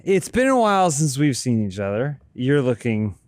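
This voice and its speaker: A man playing a tabletop game, rambling through a tale in deadpan character. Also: medium pitch, normal speed, dry recording. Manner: dry, rambling, deadpan storytelling. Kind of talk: in-character role-play.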